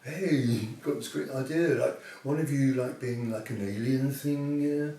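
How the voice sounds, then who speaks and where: A man's voice: mid-range voice, a little slow, warm tone, natural voice. A man playing a laid-back, upper-class male film producer with a casual drawl, heard distant in an echoey room. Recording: echoey, distant, faint noise.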